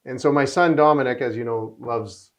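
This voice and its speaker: A middle-aged man with a mid-pitched voice hosts an interview show. He chats casually and tells rambling anecdotes with excitement. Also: normal speed.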